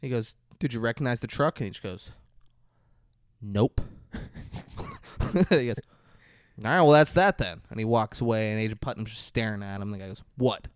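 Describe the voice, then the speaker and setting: Casual male podcast co-host, animated storyteller, swears freely, dry close mic. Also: on the low side, moderate pace, long pauses, clear, resonant tone, dry recording. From Florida. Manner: animated, profane storyteller acting out scenes. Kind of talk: casual movie recap chat.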